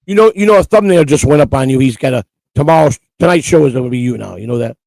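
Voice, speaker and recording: A man's voice: mid-range voice, lively intonation, quick pace, gravelly, a little mellow, no echo, low-quality recording. A man co-hosting a casual live-stream chat, stammering and repeating himself as he teases his co-host.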